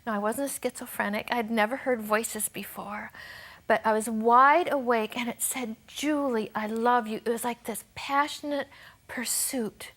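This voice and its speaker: A woman's voice: a little high, fairly even intonation, moderate pace, fairly bright tone. Earnest woman telling her testimony. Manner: earnest, often drops to a near whisper. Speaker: guest sharing her testimony. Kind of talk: emotional personal testimony.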